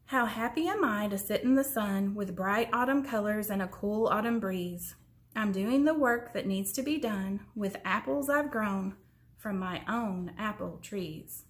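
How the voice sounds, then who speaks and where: A woman voicing a cheerful, kindly man who works his apple trees, in a gentle, friendly storybook reading. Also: medium pitch, a little slow, lightly acted. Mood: sing-song cheerful. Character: cheerful kindly male orchard worker, adult. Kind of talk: storybook character voice.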